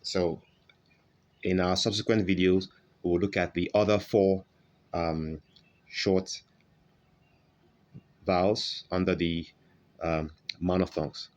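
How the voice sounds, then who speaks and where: Man, very low voice, unhurried, English pronunciation teacher, repeats sounds, slightly muffled audio. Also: level tone, a little mellow. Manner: slow, repetitive, modelling sounds, frequent "okay?" check-ins. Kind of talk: online phonetics lesson.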